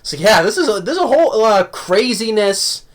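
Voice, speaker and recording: Young man, slightly high voice, rambling casual movie review, laughs a lot. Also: sing-song, normal speed. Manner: rambling, many restarts and laughs, acts out quotes in a high voice.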